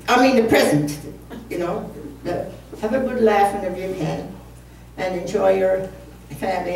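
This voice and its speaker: A woman in her seventies telling a rambling, humorous story to a live audience at a community concert, laughing at herself as she goes. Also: on the high side. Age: 70s. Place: community hall. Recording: echoey hall, distant mic, faint room noise.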